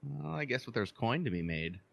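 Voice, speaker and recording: A man's voice: medium pitch, sing-song, fairly quick, gravelly, fairly bright tone. A man playing in a tabletop game, who talks in a playful, wisecracking way. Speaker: player. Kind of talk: tabletop role-play.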